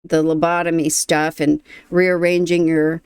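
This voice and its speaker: A woman's voice: sits low, little pitch movement, measured pace, a little mellow, clear, resonant tone, no room sound, studio quality. A woman hosting a reaction video, talking casually, moved and thoughtful, often trailing off.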